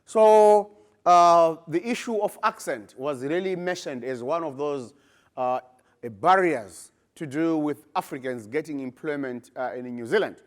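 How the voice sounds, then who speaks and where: Animated Zimbabwean man giving a talk. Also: on the high side, unhurried. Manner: animated, emphatic, rising to bursts when making points. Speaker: research presenter. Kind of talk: conference talk.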